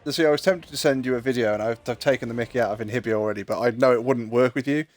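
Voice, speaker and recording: A man's voice: mid-range voice, very fast, faint music behind. A man gaming with friends, teasing them in casual banter. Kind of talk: casual chat while gaming.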